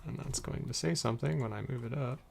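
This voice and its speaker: A man's voice: medium pitch, quick pace, creaky, noisy background. A man casually chatting on a live stream while editing a podcast, giggling and muttering to himself as he works.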